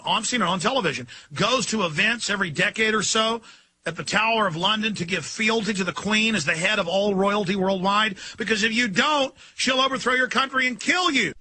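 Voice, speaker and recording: A man delivering an angry political rant as a talk show host, repeating himself and breaking into shouts. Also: sits high, a little hiss or hum. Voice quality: gravelly, raspy.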